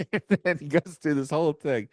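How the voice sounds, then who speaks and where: A man's voice: on the high side, normal speed, a little mellow, no room sound. A man co-hosting a podcast, telling stories in a rambling, profane way and laughing mid-sentence. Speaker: podcast co-host. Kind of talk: casual chat.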